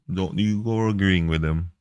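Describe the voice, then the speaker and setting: A man's voice: lowish voice, a little mellow, no room sound. A man streaming a reaction video, talking in a heated, profane, repetitive way.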